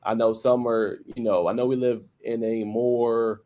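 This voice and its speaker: Male podcast host, mid-pitched voice, playful and conversational, casual chat. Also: level tone, a little slow, muffled recording. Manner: playful, conversational, peppered with "you know what I'm saying".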